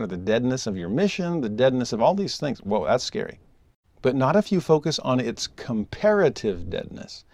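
A man giving a scripture lesson, emphatic, moving between soft asides and raised exclamations. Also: medium pitch, dry recording. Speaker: scripture teacher.

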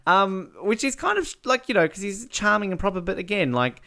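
A man's voice: sits high, expressive, brisk, creaky, crowd noise. A man co-hosting a podcast in casual chat, rambling and laughing often. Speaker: podcast co-host.

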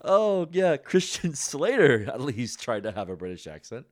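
A man's voice: mid-range voice, very animated, moderate pace, no echo, clean studio sound. A man co-hosting a podcast, chatting casually, rambling and swearing now and then. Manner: rambling, swears casually, laughs at own jokes. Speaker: podcast co-host. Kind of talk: casual chat.

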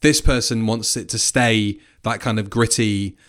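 A man co-hosting a podcast, talking in a relaxed, conversational way. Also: on the low side, unhurried. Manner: relaxed, conversational, reads out quotes. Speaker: podcast co-host. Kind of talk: casual chat review.

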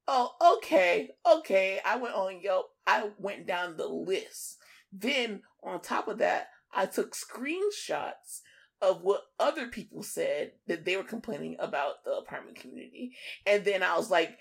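Gravelly, profane woman telling stories. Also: mid-range voice, measured pace. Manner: animated storytelling, profane, acts out others. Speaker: podcast co-host. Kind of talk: casual chat.

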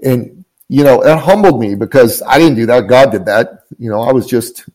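A man's voice: medium pitch, normal speed, a little mellow, poor audio. A man guest, a business coach, speaking earnestly and emphatically, often repeating his phrases as he tells an inspirational story.

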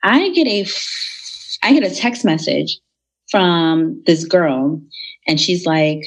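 A young woman telling a personal story in a casual, animated way, acting out the people in it. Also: deep voice, takes it slowly, husky. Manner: animated, retells dialogue in voices.

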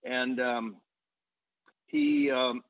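A man's voice: medium pitch, drawn-out words, dry recording. Give me an older man recounting stories with energy, sounding like a phone call. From United States. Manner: animated storyteller, acts out quoted voices. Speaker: guest songwriter. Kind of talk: storytelling in conversation. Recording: tinny phone-like line.

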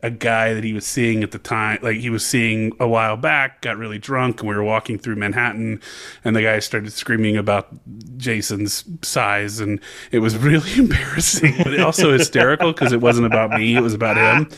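A young adult man co-hosting a podcast, telling a casual story in an animated way and laughing often. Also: fairly low pitch, moderate pace. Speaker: podcast co-host. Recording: podcast mic.

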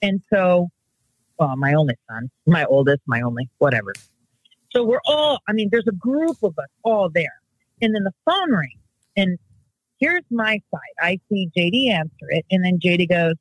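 A woman's voice: fairly low pitch, expressive, normal speed, husky, dry recording, rough recording. A woman telling a family story in casual conversation, rambling and correcting herself as she goes. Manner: rambling, self-correcting, acts out quotes.

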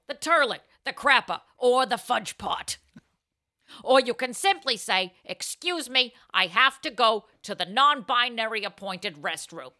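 A woman's voice: high voice, bright, forceful tone. A woman co-hosting a comedy advice podcast, brash and crude in her answers. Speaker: co-host answering advice letters.

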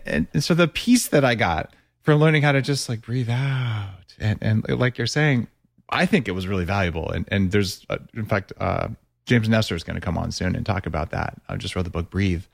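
Man, podcast host, lowish voice, chatty and enthusiastic, dry close mic. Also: vocal fry, no echo. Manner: enthusiastic, chatty, quickens when animated. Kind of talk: casual interview chat.

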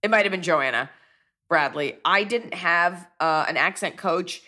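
Low-voiced woman chatting animatedly. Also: a little slow. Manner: chatty, animated, self-deprecating. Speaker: comedian host. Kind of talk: podcast ad read and casual chat.

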